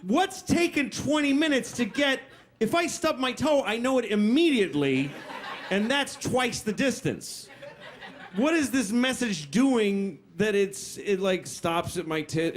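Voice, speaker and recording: A man's voice: very high-pitched, animated, measured pace. A man doing a crude stand-up bit, acting out his body parts talking to each other. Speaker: stand-up comedian. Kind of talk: stand-up set.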